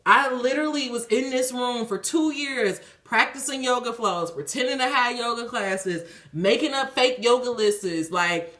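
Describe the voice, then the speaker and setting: Woman, tarot reader, swooping lively voice, sharp bright tone, casual spiritual talk, cursing and laughing. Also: fairly high pitch, a little slow. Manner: animated, profane, laughs often. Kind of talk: casual spiritual reading monologue. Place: a room at home. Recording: echoey room.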